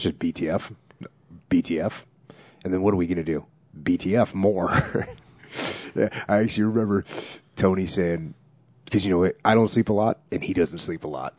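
A man hosting a podcast, talking casually and stressing key words slowly and deliberately. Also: fairly low pitch, no echo. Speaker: podcast host. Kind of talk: casual conversation. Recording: dry, dull lo-fi recording.

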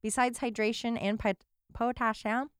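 A woman's voice: on the high side, fairly even intonation, moderate pace, slight background noise. A woman hosting a casual podcast, reading aloud and chatting, giggly and playful. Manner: giggly, playful, breaks into silly singing. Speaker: podcast host.

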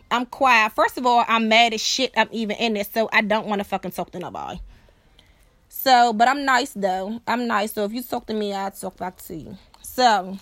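A young woman talks casually on her podcast, swearing freely and often asking whether the listener follows her. Her voice sits somewhat high. The recording is dry, with no room sound. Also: no room sound. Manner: blunt and profane, keeps asking "you know what I'm saying"; animated, acts out other people's voices. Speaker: podcast host. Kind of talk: casual storytelling monologue.

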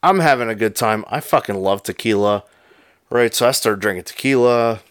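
A man co-hosting a podcast, telling a story in casual, profane, animated chat. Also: fairly low pitch, moderate pace, clean tone, no room sound, studio quality. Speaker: podcast co-host.

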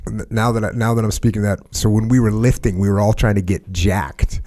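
A man's voice: fairly low pitch, level tone, a little fast, dark tone. Laid-back male podcast host. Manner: laid-back, slangy banter. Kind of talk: casual conversation.

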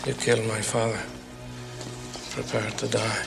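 An actor playing a vengeful male swordsman avenging his father, speaking low and intense in a film clip. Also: completely flat delivery, a little slow, creaky, over music. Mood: grim vengeance. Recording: film clip with loud score.

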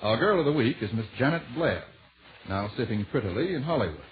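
A man's voice: mid-range voice, sing-song, fairly quick, a little hiss or hum. Wry 1940s radio announcer, man. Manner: formal, wry, polished. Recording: dull 1940s radio recording with faint music.

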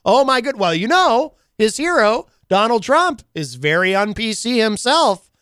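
A man's voice: very high voice, sing-song, a little slow, a bit bright, smooth, no room sound, clean studio sound. A man hosting a radio show in casual chat, teasing his co-host in a playful, mock-dramatic way. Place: radio studio.

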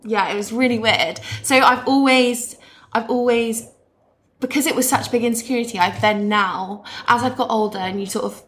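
A woman's voice: a little high, normal speed, a bit bright. A woman in her twenties, a guest on a podcast, chatting casually with many fillers and restarts. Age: 20s. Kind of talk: casual chat.

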